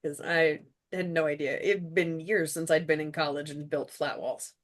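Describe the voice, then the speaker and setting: A woman's voice: deep voice, steady tone, normal speed. A woman who made the series, chatting casually and gratefully in a commentary, with a loose, rambling way of talking. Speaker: show creator and producer.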